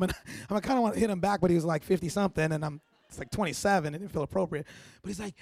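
Male pastor, high-pitched, passionate sermon delivery with stammered repeats; dry, close recording. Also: very fast, gravelly, no echo. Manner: passionate preaching with loud emphatic peaks and stammered repeats.

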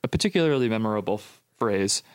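A man's voice: lowish voice, lively intonation, fast talker, clear, resonant tone. A man hosting a podcast, asking teasing questions and laughing often. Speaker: podcast host. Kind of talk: casual interview.

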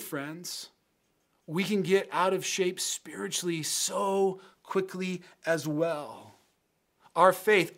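A man preaching a sermon as pastor in an earnest, emphatic way, building phrases through repetition and then leading a prayer. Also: high-pitched.

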